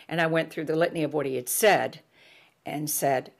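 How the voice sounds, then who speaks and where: A middle-aged woman telling a personal story in a reflective, halting way, with many fillers and restarts. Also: deep voice, fairly even intonation, creaky.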